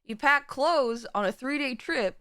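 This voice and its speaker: A woman's voice: high-pitched, unhurried, bright, forceful tone, smooth, dry recording, clean studio sound. A woman streamer chatting casually with her viewers, rambling, giggling and stumbling over restarts. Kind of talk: casual live-stream chat.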